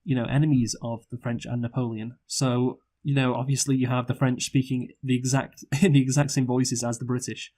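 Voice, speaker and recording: A man's voice: medium pitch, level tone, brisk, few pauses, dark tone. A man co-hosting a casual film review chat, rambling with many fillers and restarts and swearing freely. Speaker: podcast co-host, film reviewer.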